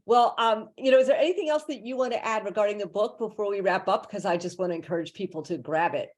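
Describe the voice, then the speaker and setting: A woman's voice: mid-range voice, fast, a little mellow. Enthusiastic woman host on a video call. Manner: enthusiastic and effusive, chatty. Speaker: podcast host. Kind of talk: interview conversation.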